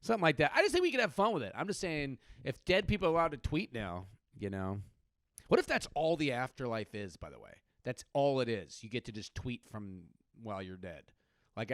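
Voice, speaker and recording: A man's voice: medium pitch, smooth, no room sound, clean studio sound. A man from California doing a comedic podcast monologue, rambling and sardonic, with lots of swearing. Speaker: podcast host.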